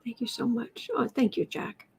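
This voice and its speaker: A woman hosting a casual livestream, chatting and reading out viewer questions for tarot readings. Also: normal speed. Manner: chatty, reads out questions, talks to her cat in a soft baby voice.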